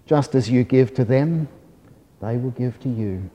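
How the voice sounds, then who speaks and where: A man voicing a calm, kindly God who speaks slowly, solemnly and reassuringly in a storybook reading. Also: mid-range voice, lightly acted. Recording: long hall reverb.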